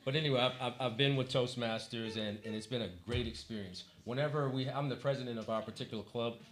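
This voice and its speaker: A man's voice: mid-range voice, fairly even intonation, fast. A man from Washington, D.C., a Toastmasters club president, giving a motivational speech in a church hall with humorous stories and a preacher-like close. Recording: echoey hall with faint noise.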